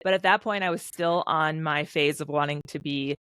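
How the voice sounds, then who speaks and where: Woman in her 30s, lively storyteller on a podcast, dry close mic. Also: low voice, clear, resonant tone, no room sound. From United States. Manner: animated storyteller, quick bursts, acts out quotes. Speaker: podcast guest, former fighter pilot. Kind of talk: casual interview conversation.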